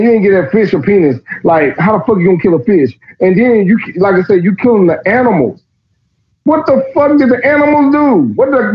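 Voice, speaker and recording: A profane, sarcastic man with a somewhat high voice reads a text aloud and mocks it in animated commentary. The recording is dull and lo-fi. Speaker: podcast host. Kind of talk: mocking commentary while reading aloud.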